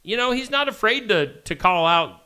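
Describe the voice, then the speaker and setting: Male morning show co-host, somewhat high, animated voice, jokey headline chatter. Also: normal speed, smooth. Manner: jokey, lively, reads headlines. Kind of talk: casual news chat.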